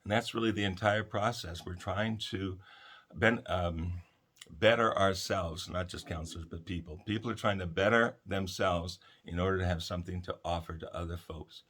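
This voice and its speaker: A man hosting a talk about counseling, speaking gently and reflectively to listeners and telling stories with many fillers. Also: deep voice, steady tone, husky. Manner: gentle, unhurried, storytelling with fillers.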